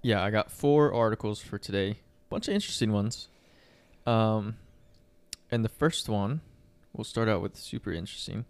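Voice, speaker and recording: A man's voice: lowish voice, moderate pace, no room sound. A young man co-hosting a podcast, chatting casually with fillers and reading news articles aloud. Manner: relaxed, rambling with fillers. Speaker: podcast co-host.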